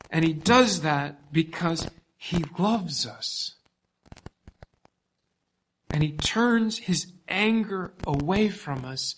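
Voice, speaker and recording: High-voiced man preaching slowly. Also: expressive, slight background noise. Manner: emphatic preaching, swings from loud to hushed. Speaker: pastor. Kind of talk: sermon.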